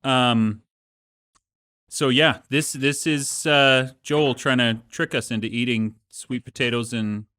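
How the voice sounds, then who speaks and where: A man's voice: mid-range voice, steady tone, slow, bright, forceful tone, clean tone, no echo. A middle-aged man co-hosting a podcast in casual chat, easygoing and given to thoughtful asides. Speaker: podcast co-host.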